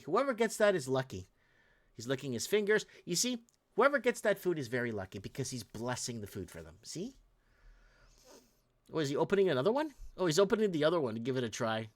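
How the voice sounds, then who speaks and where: A man hosting a show, giving casual, ranting commentary over video clips and talking straight to viewers. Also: mid-range voice. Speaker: host.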